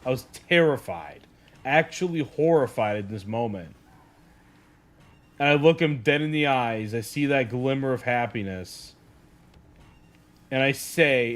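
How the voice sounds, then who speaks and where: A young adult man telling a casual story, animated and peppered with "like". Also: medium pitch. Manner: animated, heavy use of "like". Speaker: streamer.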